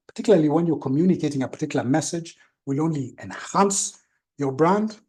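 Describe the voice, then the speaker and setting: A man giving a live seminar talk as a branding trainer, with a trained, deliberate delivery that varies tone and stresses certain words. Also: on the high side, animated, a little mellow.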